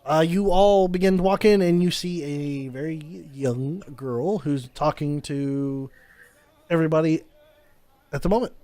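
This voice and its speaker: Relaxed man running a game. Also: fairly high pitch, a little slow, clear, resonant tone. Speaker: game master. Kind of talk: narrating a tabletop game.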